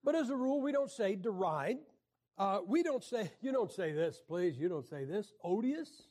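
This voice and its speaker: A man teaching a class on the Bible in a wry, joking lecture style, often clearing his throat. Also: high-pitched, animated, moderate pace, a little mellow.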